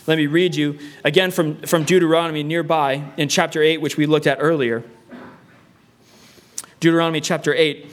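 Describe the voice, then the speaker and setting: Brief: male pastor mid-sermon, earnest, repeats key lines, asks rhetorical questions, fairly high pitch. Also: flat delivery, moderate pace.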